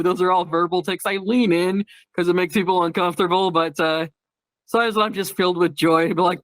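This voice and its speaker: Man, podcast host, casual chat, giggly, rambling, slightly high voice, dry close sound. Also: fairly even intonation, quick pace, no echo. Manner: giggly, rambling, breaks into loud silly catchphrases.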